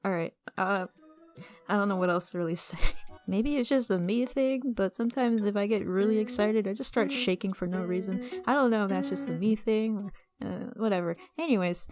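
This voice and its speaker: A young woman talking casually and excitably as she vlogs over a speedpaint, rambling with restarts and asides. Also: medium pitch, brisk, over music. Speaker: artist vlogger.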